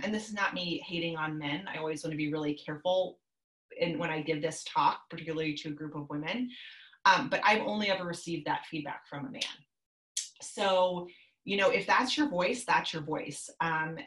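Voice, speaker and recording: A woman's voice: lowish voice, a bit bright, echoey room, poor audio. A woman in her thirties, a business coach, giving upbeat, chatty advice over a video call from her home office.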